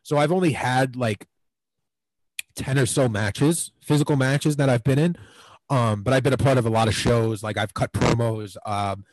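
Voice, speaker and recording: A man's voice: mid-range voice, normal speed, no room sound, poor audio. A man in his twenties telling stories as a podcast guest, rambling with lots of fillers. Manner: rambling, filler-heavy, lots of "like" and "you know". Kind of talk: casual storytelling.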